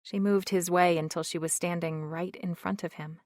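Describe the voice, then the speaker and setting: A woman narrating an audiobook in a slow, measured reading. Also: lowish voice, steady tone, no room sound, clean studio sound.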